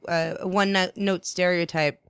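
A podcast co-host with a smooth, clear voice, recorded dry and close. Talks in a thoughtful, hesitant way during casual chat. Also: mid-range voice, flat delivery, moderate pace, a bit bright, dry recording.

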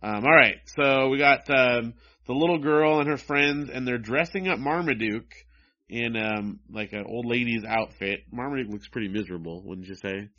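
A man's voice: mid-range voice, normal speed. A man co-hosting a casual chat, reading comic strips aloud in a wry, mocking way. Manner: wry, mocking, reads dialogue in raised voices. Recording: dull lo-fi sound.

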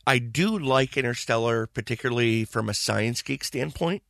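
A man co-hosting a casual film review chat, speaking in a hesitant, halting way with many pauses. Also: mid-range voice, vocal fry, fairly bright tone, dry recording. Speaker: podcast co-host.

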